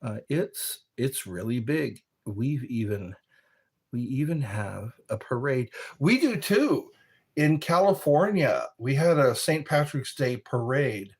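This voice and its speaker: A man from the United States, a bit tipsy from wine, casually chatting on a live stream and reading viewer comments aloud in a slow, rambling way. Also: mid-range voice, sing-song, slightly rough. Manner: slow, rambling, reads chat messages aloud.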